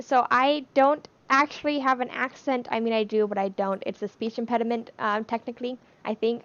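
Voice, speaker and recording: A woman's voice: a little high, a bit bright, dull audio. A young woman with a speech impediment on her O sounds, rambling casually on a livestream and laughing between points. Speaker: livestream cast member. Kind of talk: casual chat.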